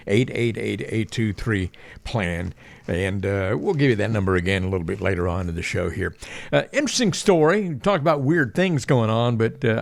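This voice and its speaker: A man hosting a radio talk show, with an animated announcer delivery and a joking manner. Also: medium pitch, vocal fry, no echo.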